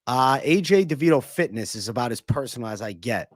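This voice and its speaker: A man's voice: mid-range voice, animated, no room sound, clean studio sound. A young man with a Northeastern American accent hosting a casual livestream Q&A, swearing freely as he banters with chat. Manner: casual, profane, banters with chat between quick celebrity impressions. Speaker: livestream host.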